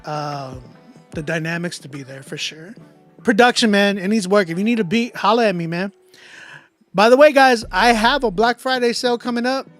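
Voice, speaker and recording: A man giving a casual, animated song critique to his viewers, talking in a loose, conversational way with slang and fillers. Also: high voice, brisk, soft background music. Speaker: music reviewer and producer.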